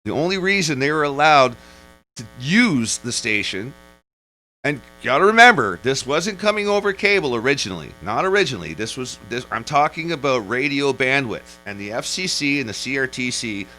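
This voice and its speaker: A man's voice: medium pitch, expressive, moderate pace, bright, forceful tone, faint music behind, poor audio. A man, ranting casually in a vlog in a rambling, profane way that is full of restarts and digressions. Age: 40s. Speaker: vlogger. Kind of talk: casual rant.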